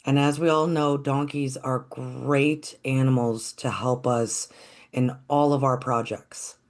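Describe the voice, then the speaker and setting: A storyteller telling a folktale in a gentle, reflective, unhurried way. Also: mid-range voice, steady tone.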